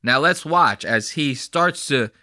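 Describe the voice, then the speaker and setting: A man's voice: medium pitch, animated, takes it slowly, bright, forceful tone, no room sound, studio quality. A young man hosting a podcast, giving blunt, profane, heated commentary on video clips. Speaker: podcast host. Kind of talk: casual commentary reacting to clips.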